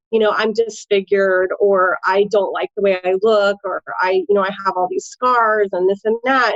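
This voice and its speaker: A woman's voice: fairly high pitch, no echo, highs cut off. A woman with a Midwestern American accent, a tattoo artist and nurse, talking casually in an interview with lots of fillers. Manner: chatty, animated, frequent fillers.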